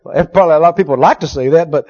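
A man preaching a sermon, animated, acting out little dialogues and swinging from loud to hushed. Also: on the high side, very fast. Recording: dull lo-fi sermon recording.

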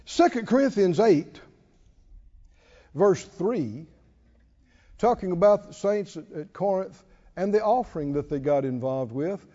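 A man's voice: sits high, lively intonation, measured pace, pauses often, mellow, long reverb tail, dull audio. A man preaching a sermon, emphatic and calling out to the congregation. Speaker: pastor.

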